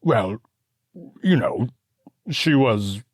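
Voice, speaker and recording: A man's voice: medium pitch, expressive, drawn-out words, slightly rough, no room sound, clean studio sound, pitched above the performer's own voice, heavily acted. A man playing a nervous young husband and father who stammers and hesitates. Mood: flustered, stammering. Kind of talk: audiobook character voice.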